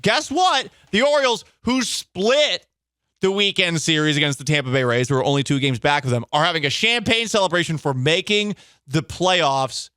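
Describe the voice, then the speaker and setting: A man hosting a sports talk show, bantering in an animated, sarcastic and emphatic way into a studio microphone. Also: fairly high pitch, moderate pace, clear, resonant tone, no echo.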